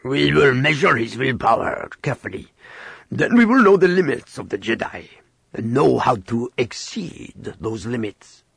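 A cold, scheming alien prefect speaks in a gravelly, husky rasp, measured and menacing, as a man reads him aloud. The audiobook voice sounds dry and close, with no room around it. The delivery stays flat and calculating. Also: medium pitch, dry recording, heavily acted. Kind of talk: audiobook character voice.

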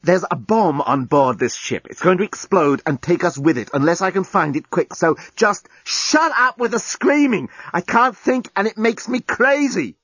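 A man's voice: high-pitched, lively intonation, moderate pace, few pauses, fairly bright tone, husky, no echo, lo-fi sound, voice pushed up, heavily acted. A man voicing a menacing alien man who speaks in curt, clipped threats.

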